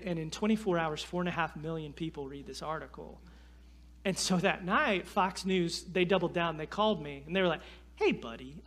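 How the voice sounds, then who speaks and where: A man, telling a story in a sermon in an animated, self-deprecating way. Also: on the high side. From North Carolina. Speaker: guest preacher.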